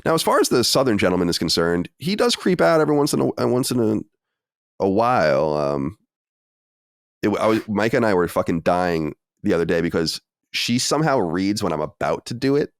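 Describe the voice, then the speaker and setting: Podcast host, man, low voice with lively swings, rambling and self-deprecating, dry close mic. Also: a little fast, no room sound. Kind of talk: casual podcast chat.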